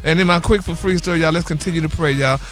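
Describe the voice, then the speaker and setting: A man's voice: a little high, rapid-fire. A man reading celebrity news on a morning radio show in a flamboyant style, calling everyone honey, baby and y'all. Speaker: entertainment news correspondent. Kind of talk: casual radio show banter.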